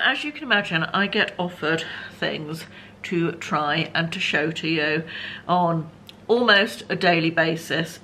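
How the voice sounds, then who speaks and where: A woman's voice: fairly low pitch, slight background noise. Chatty English woman in her fifties. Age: 50s. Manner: chatty, warm-hearted, frequent ums and asides. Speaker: vlogger. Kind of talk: casual chat to camera.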